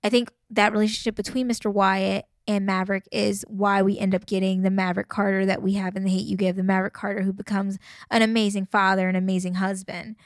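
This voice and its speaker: A woman's voice: medium pitch, level tone, quick pace, dry recording, studio quality. A woman co-hosting a book podcast, talking enthusiastically with many small hedges. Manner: enthusiastic, hedging with fillers. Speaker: podcast co-host. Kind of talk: casual book discussion.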